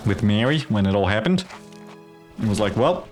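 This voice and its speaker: A man's voice: on the low side, big pitch swings, normal speed, long pauses, darkish tone, faint music behind. A man hosting a gameplay video in a put-on Australian accent, rambling with profane, jokey asides. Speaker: gaming video host. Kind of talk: casual gameplay commentary.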